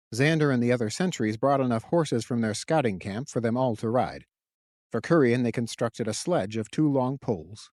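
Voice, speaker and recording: A man narrating his own fantasy audiobook in a steady, even storytelling voice. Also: mid-range voice, no echo, studio quality. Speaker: author and narrator.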